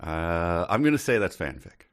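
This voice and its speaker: A man's voice: sits low, sing-song, moderate pace. A man co-hosting a comedy podcast, chatting casually with wry amusement. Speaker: podcast co-host. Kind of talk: casual chat.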